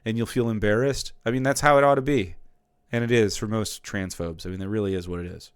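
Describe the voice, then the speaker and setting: A man's voice: on the low side, fairly even intonation, quick pace, clear, resonant tone, dry recording, studio quality. A man streaming and ranting about politics in a heated, profane, mocking way.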